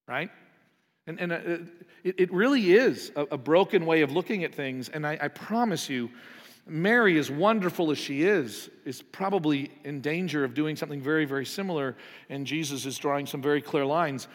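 A man's voice: on the high side, moderate pace. Conversational male pastor in reverberant hall. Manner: conversational, rhetorical questions, acts out voices. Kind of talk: sermon.

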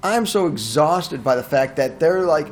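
A man hosting a casual movie podcast, ranting in an animated way and swearing freely. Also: on the high side, a little slow. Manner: animated, profane, incredulous ranting. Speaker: podcast host and movie reviewer.

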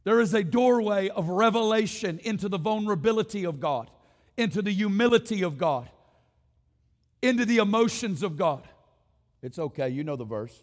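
Impassioned high-voiced male preacher. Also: animated, normal speed, in a large hall. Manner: impassioned, repetitive rhetorical build-ups, directs congregation to respond. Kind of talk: sermon. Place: church sanctuary.

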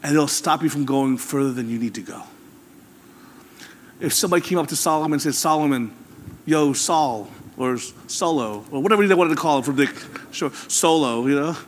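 A man's voice: on the high side, a little fast, in a large hall, slight background noise. A man preaching a sermon as pastor, talking candidly and conversationally to his congregation with rising emphasis.

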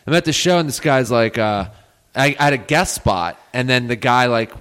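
A man's voice: medium pitch, animated, moderate pace, fairly bright tone, clear, resonant tone. A man who is a guest comedian, chatting in an easygoing, wry way about comedy clubs. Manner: easygoing, wry, trades club stories. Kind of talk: casual comedy chat.

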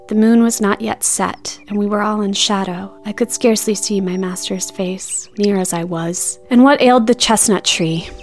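A woman narrating a classic novel in the first person, with measured, earnest storytelling. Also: mid-range voice.

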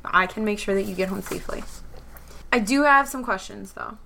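A woman voicing her charismatic female adventurer in a tabletop game, speaking in a measured, deliberate way. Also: medium pitch, gravelly, sharp tone, slight background noise. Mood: earnest.

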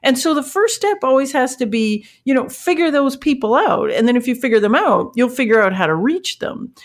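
A woman in a marketing role tells a work story, her voice sitting a bit high and swooping freely up and down. She laughs often while she talks, keeping the telling animated and anecdotal. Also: a little fast. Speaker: marketing leader.

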